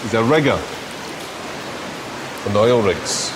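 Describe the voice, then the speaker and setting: A man playing a soap opera character who talks in a coaxing, quietly menacing way. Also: lowish voice, animated, slow, background noise. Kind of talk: TV drama acting.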